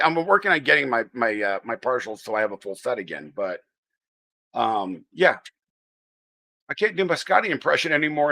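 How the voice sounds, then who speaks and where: Lively-voiced American man hosting a stream. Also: fairly high pitch, creaky. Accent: General American. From United States. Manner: rambling, chatty, greets viewers by name. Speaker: livestream host. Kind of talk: casual livestream chat.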